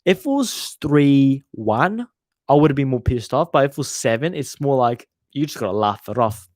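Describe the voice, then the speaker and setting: A young man hosts a casual football channel livestream, reading viewer comments while chatting, rambling, swearing freely and trailing off mid-sentence. His mid-range voice is darkish, with lively intonation at a normal speed. The sound is clean studio audio with no room sound.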